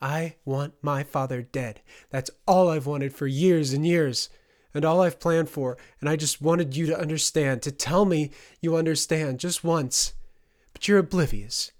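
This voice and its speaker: A man's voice: mid-range voice, fairly even intonation, normal speed, few pauses, lightly acted. Fay, a man voicing a scornful young woman. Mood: anguished. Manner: scornful, raised and strained. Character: young noblewoman, bitter, vengeful, afraid. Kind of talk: audiobook character reading.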